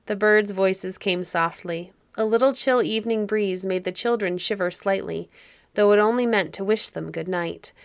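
A woman narrating a children's fairy story audiobook in a calm, measured way. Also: medium pitch, creaky, no room sound, clean studio sound.

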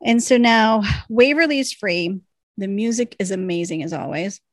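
A woman co-hosting a casual podcast, recapping a TV episode in an animated, storytelling way. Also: medium pitch, moderate pace, dry recording. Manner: animated storytelling, quoting characters. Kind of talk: casual chat.

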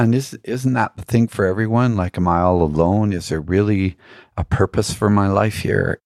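Deep husky guy telling spiritual stories, earnest, asks himself questions, dry close sound. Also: a little mellow, dry recording. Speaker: interview guest. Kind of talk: reflective spiritual storytelling.

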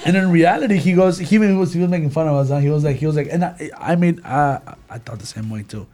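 A young man in a casual church group discussion, talking in an animated, slangy way with many fillers and restarts. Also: fairly high pitch, fairly quick, slight background noise. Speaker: church youth group member.

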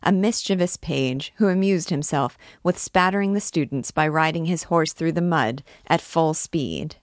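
A merry, impudent young student, as a woman reads him aloud, cheeky and careless in how he talks. The voice is low and sounds dry and close. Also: moderate pace, no room sound, natural voice.

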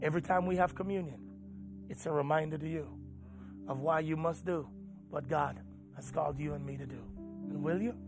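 A man preaching as a pastor, swinging from loud urging to hushed storytelling. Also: fairly high pitch, fairly even intonation, fairly quick, creaky, long pauses, music in the background. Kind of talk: sermon.

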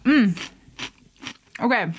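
A woman's voice: on the high side, expressive, very slow, dull audio, slight background noise. A young woman vlogging casually while she mixes a drink, chatty and playful, with frequent laughs and asides.

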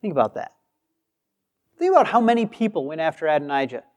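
A man's voice: a little high, sing-song, fast. A man preaching a sermon with emphasis, acting out the replies he quotes. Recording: long hall reverb.

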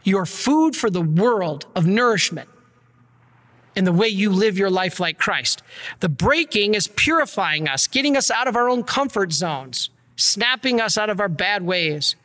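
A man, a priest, giving an earnest and energetic sermon with slides. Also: high-pitched, a little slow, in a large hall. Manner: earnest, energetic preaching, gets worked up.

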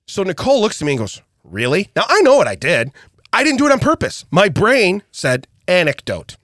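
Animated, laughing middle-aged male storyteller. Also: high-pitched, fairly quick, no echo, clean studio sound. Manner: animated storyteller, laughs often, acts out quotes. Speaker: podcast co-host. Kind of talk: casual storytelling chat.

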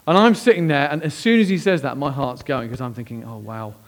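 A man, a pastor preaching a sermon as lively, conversational personal storytelling. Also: medium pitch, brisk.

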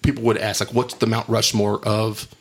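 A podcast host with a lowish, level voice chats casually, joking and rambling and laughing easily.

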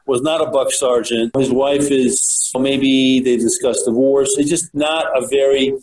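A man's voice: medium pitch, steady tone, unhurried, darkish tone, slight background noise, low-quality recording. Casual male interview host. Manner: casual, chatty, wraps up with plugs. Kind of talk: interview conversation.

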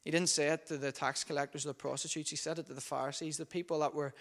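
A man's voice: a little high, little pitch movement, quick pace, a bit bright. A man preaching a sermon, telling a story in a conversational way with frequent fillers. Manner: conversational, many fillers while recounting a story.

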